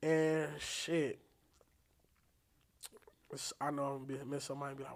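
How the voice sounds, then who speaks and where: A man working as a DJ, chatting on a podcast in an excitable way, repeating phrases and swearing freely. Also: medium pitch, moderate pace. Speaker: DJ guest. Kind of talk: casual podcast chat.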